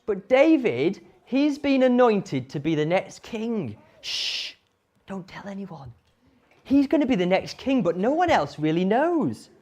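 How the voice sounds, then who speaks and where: Animated woman telling a Bible story. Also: on the high side, unhurried, hardly any pauses. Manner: animated, asks the audience questions. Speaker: children's storyteller. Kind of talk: Bible story told to children.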